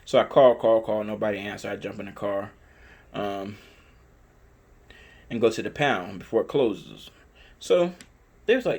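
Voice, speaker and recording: Profane, animated man telling a story. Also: on the low side, unhurried, pauses often, breathy edge. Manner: animated, profane, emphatic retelling; repetitive, conversational phrasing. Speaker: dog owner telling a story. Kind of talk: casual storytelling vlog.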